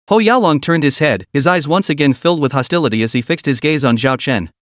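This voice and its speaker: Brief: male narrator, fairly high and animated, dry close recording, dramatic delivery. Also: quick pace, hardly any pauses, dry recording. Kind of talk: scripted narration of a comic recap.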